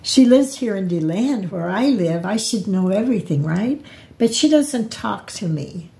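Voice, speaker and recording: An older woman talks slowly and reflectively in a home vlog, wandering between memories and advice. Her low voice is gravelly and mellow, and she often restarts her sentences. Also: lively intonation. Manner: rambling, reflective, with repeated restarts. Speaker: vlogger. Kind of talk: personal storytelling vlog.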